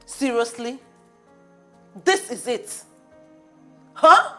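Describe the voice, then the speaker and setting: A woman's voice: fairly high pitch, lively intonation, very slow, bright, forceful tone, faint music behind, exaggerated voice. An actress with a Nigerian accent playing a young woman scolding her friend. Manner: scolding, incredulous.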